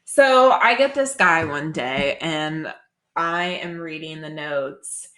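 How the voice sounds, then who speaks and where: A woman's voice: sits low, slow pace, sharp tone. Chatty swearing woman telling stories. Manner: storytelling, swears, acts out quotes. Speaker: podcast co-host, massage therapist. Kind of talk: casual chat. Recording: roomy echo.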